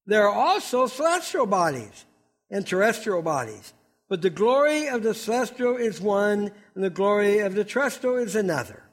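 Middle-aged male pastor, fiery emphatic sermon, high voice that leaps all over. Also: sing-song, moderate pace.

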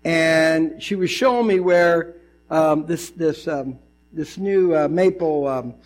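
A man preaching a sermon as pastor, animated and conversational, with lots of asides and restarts. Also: on the high side, slow pace, low-quality recording.

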